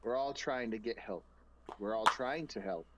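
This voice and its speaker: A man's voice: on the low side, normal speed, highs cut off, heavy background noise, lightly acted. A man playing a stern male adventurer who firmly lectures another character. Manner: firm, lecturing.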